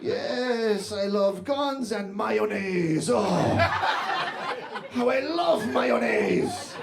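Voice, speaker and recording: A man on stage putting on his Colombian father, who speaks English with a heavy Latin American Spanish accent and hesitates with drawn-out "eh"s. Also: gravelly, very noisy, full character voice. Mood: overeager. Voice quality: drawn-out "eh" hesitations, high excited pitch. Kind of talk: stand-up comedy.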